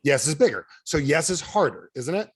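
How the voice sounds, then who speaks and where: A man running a sales training over a video call, animated, firing questions at his audience and acting out quotes in a higher voice. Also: moderate pace, breathy edge. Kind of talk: energetic coaching talk.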